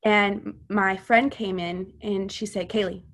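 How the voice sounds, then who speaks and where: A woman's voice: mid-range voice, steady tone, slow pace, a bit bright. A woman speaks as a podcast guest, recounting a personal testimony. She is earnest and chatty, and her sentences keep running on with fillers.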